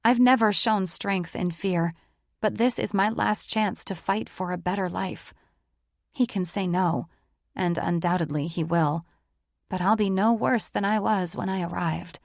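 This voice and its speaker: A woman's voice: medium pitch, unhurried, gravelly, dry recording, clean studio sound. A woman narrating a romance audiobook in the first person, with an intimate, emotive reading.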